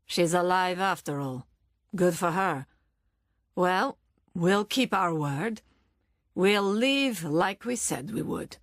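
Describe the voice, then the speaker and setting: A woman narrator voicing a tiny, menacing older woman who has taken over a flat, blunt and sneering, dropping low and slow when threatening. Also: no room sound, clean studio sound. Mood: grudging.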